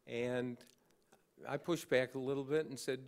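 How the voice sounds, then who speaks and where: A man's voice: mid-range voice, steady tone, moderate pace. An older man giving an award acceptance speech, telling an anecdote with dry, wry humor. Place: large banquet hall with an audience.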